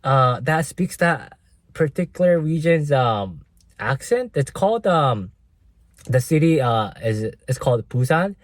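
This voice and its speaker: A young man tells a personal story at an unhurried pace, his pitch rising and falling a lot. He hesitates often, leaning on fillers and tag questions, in a dry, close recording. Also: very animated, no room sound. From Korea. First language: Korean. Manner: hesitant, full of fillers and "right?" tags. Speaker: vlogger. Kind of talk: casual storytelling vlog.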